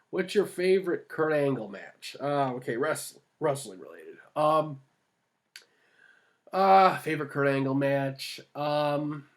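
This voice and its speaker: Casting note: ailing man, casual Q&A vlogger, rambling, halting, mid-pitched. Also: darkish tone. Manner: rambling, full of fillers and restarts. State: ill. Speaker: vlogger answering viewer questions. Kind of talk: casual Q&A vlog. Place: at home with cats.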